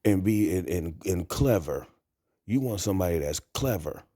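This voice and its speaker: A man's voice: low-pitched, expressive, moderate pace, dark tone, breathy edge, no echo, studio quality. A man talking to camera in a blunt, crude, rambling monologue. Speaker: vlogger. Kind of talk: casual monologue.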